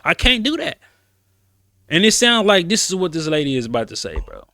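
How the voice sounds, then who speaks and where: A man's voice: on the high side, very animated, brisk, sharp tone. A man hosting a casual commentary show, talking bluntly and emphatically in slang, often repeating words as he rants. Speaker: commentary host.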